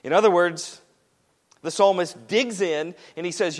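A man's voice: sits high, measured pace, long reverb tail. A man preaching a sermon to a congregation, emphatic and repetitive as he presses each point home. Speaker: pastor.

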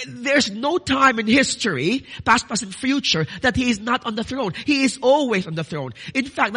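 A man's voice: very high-pitched, bright, forceful tone, slightly rough. A man preaching a sermon, earnest and building to emphatic declarations, addressing listeners as dearly beloved.

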